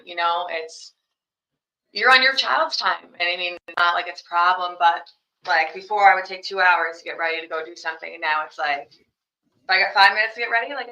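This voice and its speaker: Bright-voiced young mother, roomy lo-fi. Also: on the low side. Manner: rambling, heavy on fillers like "you know" and "like". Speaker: podcast guest, young mother. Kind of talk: casual interview answers. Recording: roomy, dull lo-fi sound.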